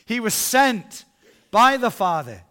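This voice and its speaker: A middle-aged man preaching as an evangelist, telling a story with animated swings between hushed and loud passages. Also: extremely high pitch, slow. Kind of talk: storytelling sermon.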